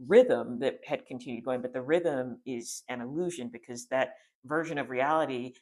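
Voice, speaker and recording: A man's voice: medium pitch, normal speed. Rambling casual spiritual teacher, a man. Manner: rambling, many restarts and fillers, conversational.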